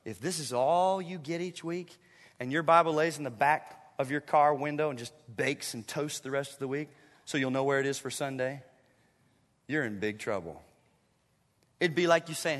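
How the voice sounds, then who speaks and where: A man preaching a sermon to his congregation, animated and acting out his listeners in quoted voices. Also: fairly high pitch, normal speed, in a large hall. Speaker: pastor. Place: church sanctuary.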